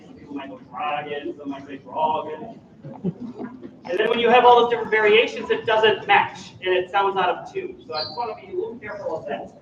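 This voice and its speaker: A man coaching a school choir in rehearsal, demonstrating how to shape words. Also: high voice. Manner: animated, demonstrates words by speaking them. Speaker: choir clinician. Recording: echoey room, far from mic, dull, noisy.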